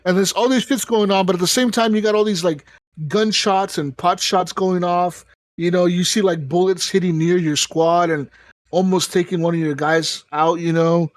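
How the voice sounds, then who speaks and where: A man's voice: high voice, steady tone, moderate pace, no echo. A man hosting a podcast, describing a video game in a rambling, profane casual chat. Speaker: podcast host.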